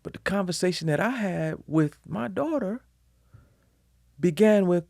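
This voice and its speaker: A man, a guest on an interview podcast, telling candid personal stories in a lively, expressive way. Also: unhurried, creaky, long pauses, dry recording, clean studio sound. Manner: animated storyteller, lively swings in pitch and volume.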